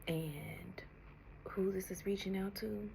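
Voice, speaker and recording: This tarot reader, a woman, speaks at a medium pitch with a steady, dark tone while offering a spiritual reading. Her pace is slow and comforting, she often drops to a breathy whisper, calls the listener honey, and sounds on the verge of tears. A faint hiss or hum is present.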